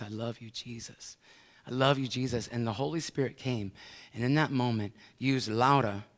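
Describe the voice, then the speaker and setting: A middle-aged American pastor preaching a sermon, telling a story with swings from hushed to loud. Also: male voice, on the low side. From United States. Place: large church sanctuary. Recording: long church hall reverb.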